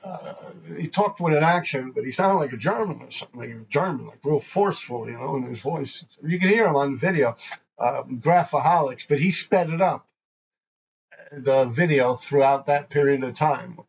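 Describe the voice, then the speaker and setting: A man's voice: medium pitch, moderate pace, gravelly, lo-fi sound. A man hosting a graffiti show, telling rambling, profane stories in a casual way. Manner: rambling, profane, laughing often. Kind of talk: casual storytelling.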